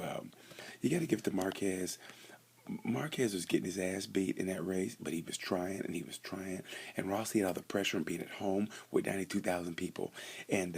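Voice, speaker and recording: Young guy w a deep gravelly husky voice, rambly jokey race talk. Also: a little mellow. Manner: rambling, joking, stumbling restarts. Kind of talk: casual race review vlog.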